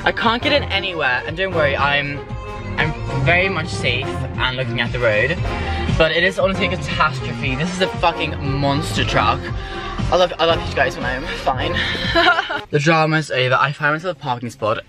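A man, rambling excitedly and swearing freely as he reviews fast food from his car. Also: on the high side, loud music behind the voice. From Sweden. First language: Swedish. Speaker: food vlogger. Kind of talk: casual food review vlog. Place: in a car while driving.

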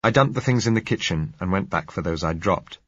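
A man reading a novel aloud in measured, first-person narration. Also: low voice, lively intonation, husky, no room sound. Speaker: audiobook narrator. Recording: dull lo-fi recording.

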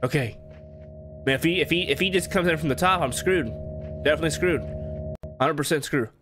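A man commentating on a horror game, jumpy and talking to himself, yelping at scares. His voice sits fairly high. Game music plays clearly underneath. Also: brisk. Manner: jumpy, talks to himself, yelps. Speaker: gameplay commentator.

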